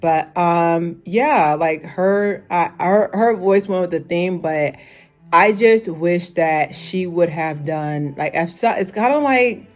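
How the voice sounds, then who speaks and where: Woman, 30s, lower-pitched voice, casual rambling reviewer. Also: slow pace, soft background music. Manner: rambling, full of "like", laughs often. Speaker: fashion show reviewer.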